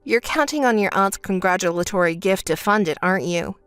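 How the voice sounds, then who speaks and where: A woman's voice: medium pitch, a little fast, clear, resonant tone, dry recording, soft background music, lightly acted. Maria: a woman doing a cool, unimpressed sister. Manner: flat, unimpressed and firm. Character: calm, sensible young woman, the cool-headed sister. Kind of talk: texting-story voice acting.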